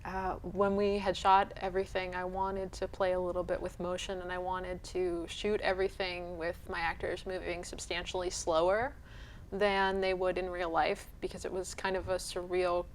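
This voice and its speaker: A woman director answering interview questions, self-deprecating and halting with fillers. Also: on the low side, level tone, slight background noise.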